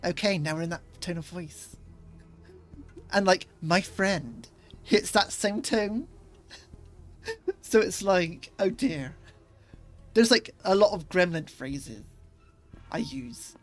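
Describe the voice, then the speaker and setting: A woman's voice: medium pitch, lively intonation, slow pace, pauses often, faint music behind. A woman streamer chatting casually as she plays, rambling a little with fillers. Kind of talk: casual gaming stream commentary.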